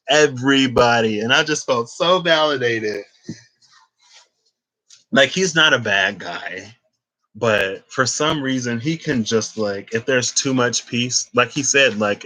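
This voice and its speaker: Guy rambling on about his life, tarot reader, lowish voice but real bright, keeps saying like, acts out who said what. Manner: chatty storyteller who acts out quoted dialogue; heavy use of filler "like". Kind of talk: casual rambling monologue.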